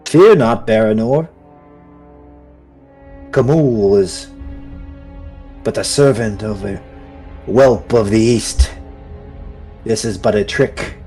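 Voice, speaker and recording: A man's voice: lowish voice, takes it slowly, long pauses, dark tone, husky, soft background music. A man voicing a proud king who speaks in grand, stately phrases. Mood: defiant. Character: proud old male dwarf-like king, bold.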